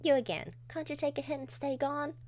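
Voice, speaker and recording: A woman's voice: high voice, fairly quick, darkish tone, voice pushed up, natural voice. A woman voicing an evasive, sassy young female witness in a video game.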